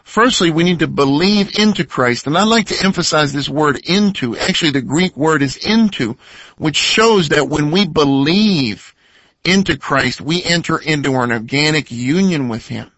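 An earnest male speaker who lays out his points step by step in a measured, steady way. His voice is a bit high for a man, and the sound is dry and close. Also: no room sound, dull audio. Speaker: radio program co-host. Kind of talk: scripted teaching talk.

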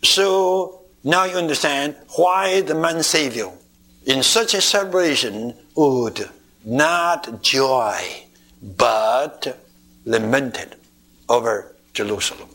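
Male bible teacher, archival sermon, slow unhurried delivery, bright tone, emphatic. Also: medium pitch. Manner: deliberate, emphatic storytelling.

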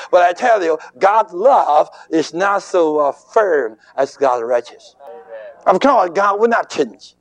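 A man preaching a sermon with emphasis, in short deliberate phrases, his English not quite native. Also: sits high, animated, dry recording.

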